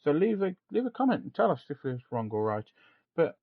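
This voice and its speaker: A man's voice: on the high side, big pitch swings, brisk. A man co-hosting a casual podcast, chatty and rambling, laughing often. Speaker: podcast co-host. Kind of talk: casual chat. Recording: dull lo-fi sound.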